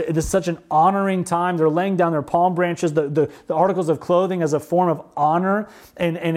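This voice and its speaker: A man preaching a sermon as pastor, earnest and repetitive, slowing down on emphatic phrases. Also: fairly high pitch, darkish tone.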